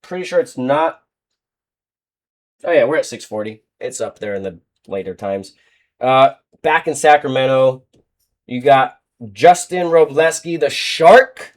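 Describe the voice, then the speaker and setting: A man's voice: mid-range voice, measured pace. Blunt young man talking betting picks. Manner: blunt, joking, trash-talking teams and players. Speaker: sports betting show host. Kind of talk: casual sports betting picks talk.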